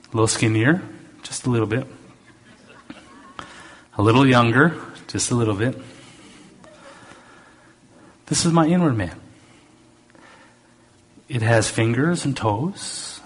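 A middle-aged to older man preaching a sermon with a Southern US accent mixed with Canadian, reading scripture with loud emphasis and dropping into quick, soft asides. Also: mid-range voice, slightly rough.

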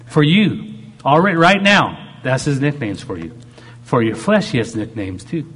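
A man's voice: medium pitch, big pitch swings, normal speed, a bit bright, husky. A man preaching a sermon. He talks animatedly and acts out God speaking in short quoted lines. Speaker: pastor.

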